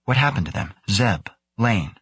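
A man voicing a quiet earnest young scientist. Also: fairly low pitch, lively intonation, measured pace, husky, no room sound, full character voice.

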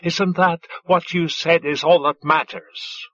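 A male narrator voicing a sardonic adult woman who stays calm, ironic and crude under attack. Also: on the low side, slow, lo-fi sound. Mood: defiant.

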